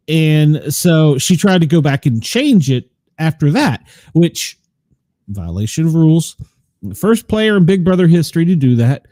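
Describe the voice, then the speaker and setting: A man's voice: fairly high pitch, animated, unhurried, dark tone, dry recording. A man co-hosting a casual reality-show recap, gossipy and retelling scenes with quoted lines. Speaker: podcast co-host.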